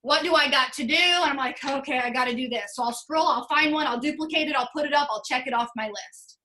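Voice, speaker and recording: A woman leading a motivational team call over video, earnest and emotional, talking in quick bursts. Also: sits high, sharp tone, a little hiss or hum. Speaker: sales team leader.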